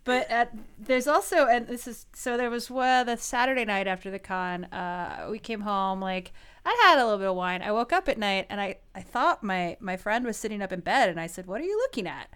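A woman's voice: medium pitch, normal speed, fairly bright tone, smooth. A woman in her thirties co-hosting a podcast, telling a story in a giggly, rambling way, full of "like"s. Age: 30s. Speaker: podcast co-host. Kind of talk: casual chat.

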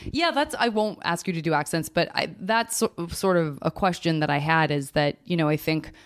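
A woman's voice: sits low, moderate pace. A woman with a General American accent hosting a podcast, chatting casually and rambling with self-deprecating humor. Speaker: podcast host. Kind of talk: casual chat.

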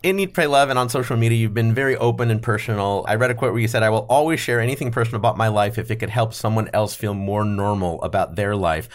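A man's voice: on the low side, fast, hardly any pauses. A man hosting a comedy quiz podcast, reading trivia questions in an upbeat, scripted way. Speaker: quiz show host.

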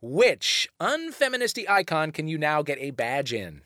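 A man's voice: fairly high pitch, sing-song, moderate pace, bright, forceful tone, dry recording, clean studio sound. A man hosting a comedy quiz show, reading questions and joking with the panel, laughing often.

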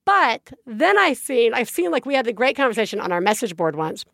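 Brief: woman in her thirties, parenting podcast co-host, slightly high voice, dry close sound, animated and profane. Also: fairly quick, no room sound. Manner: animated storytelling, acts out quotes, swears freely. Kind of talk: casual chat.

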